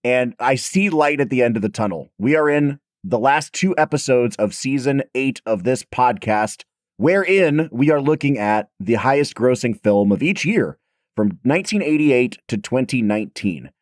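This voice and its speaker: Hoarse, lively male podcast host. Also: medium pitch, moderate pace, no echo, studio quality. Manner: chatty, self-deprecating, animated storyteller. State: hoarse, raspy throat. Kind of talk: casual podcast chat.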